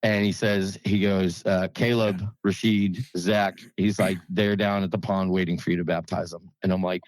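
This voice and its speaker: A young man, a pastor, talking with a guest on a casual podcast, excitable and saying "dude" and "man" a lot. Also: low-pitched, moderate pace, no room sound.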